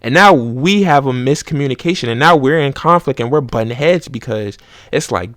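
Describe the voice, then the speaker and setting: A man's voice: medium pitch, lively intonation, a little fast, fairly bright tone, dry recording, studio quality. A young man hosting a podcast, talking casually in slang and acting out both sides of everyday arguments. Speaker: podcast host. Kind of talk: casual monologue.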